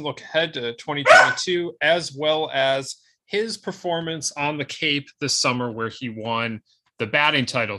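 A man's voice: medium pitch, pushed and bright. A man co-hosting a sports podcast in casual chat, loose and full of filler words and restarts. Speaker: podcast co-host.

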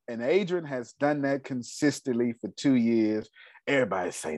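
Animated man coaching a group. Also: mid-range voice, normal speed, no echo, clean studio sound. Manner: animated, repeats key points, laughs often. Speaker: host and business coach. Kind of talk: casual coaching talk on a group call.

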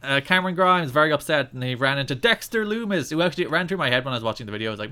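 A man co-hosting a casual wrestling podcast, giving quick, dry recaps of matches. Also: medium pitch, expressive, bright, forceful tone, clear, resonant tone. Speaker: podcast co-host. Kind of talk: casual chat.

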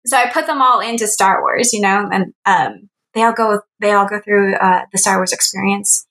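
A woman guest in a casual podcast chat, telling lively stories and acting out quoted lines in a higher voice. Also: normal speed, roomy sound, low-quality recording. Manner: animated storyteller, acts out quotes in a high voice.

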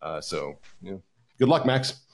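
A man's voice: deep voice, big pitch swings, a little slow, vocal fry. A man co-hosting a sports betting podcast, chatting casually about where the money and public are.

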